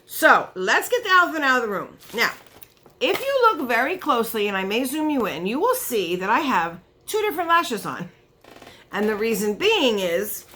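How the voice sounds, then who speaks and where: Bright-voiced chatty woman vlogger. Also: medium pitch. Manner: chatty, animated storytelling with frequent asides to viewers. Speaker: beauty vlogger. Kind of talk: casual chat unboxing. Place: home makeup table.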